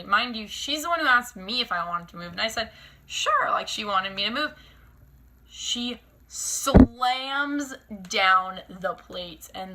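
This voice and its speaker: Very bright-voiced young woman vlogger. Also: medium pitch. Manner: animated, filler-heavy, exasperated retelling. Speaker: lifestyle vlogger. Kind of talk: casual storytime.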